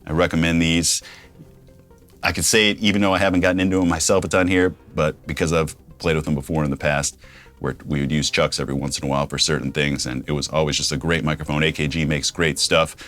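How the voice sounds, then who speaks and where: A man's voice: a bass voice, flat delivery, quick pace, fairly bright tone, soft background music. A man hosting a casual microphone review in his home studio, repeating test phrases as he checks his levels. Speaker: YouTube host reviewing microphones. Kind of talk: casual gear review with mic tests. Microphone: studio condenser microphone.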